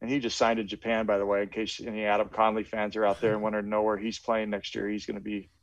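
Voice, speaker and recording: Storytelling baseball coach, dry dull audio. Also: male voice, lowish voice, fast talker, no room sound. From Pacific Northwest. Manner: animated anecdotes, acts out quoted dialogue. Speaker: guest, veteran college baseball coach. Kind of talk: storytelling interview answer.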